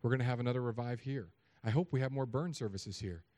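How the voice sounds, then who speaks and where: Male preacher, mid-range voice, sermon delivery that is animated and casual, with loud emphatic peaks and dry quiet asides. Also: mid-range voice, quick pace. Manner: conversational and joking.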